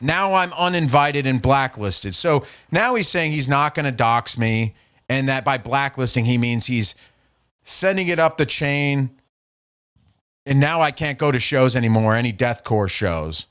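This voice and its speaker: A man's voice: mid-range voice, lively intonation, unhurried, a bit bright, smooth. A man hosting a podcast, casually telling a story in a mocking, profane way. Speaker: podcast host.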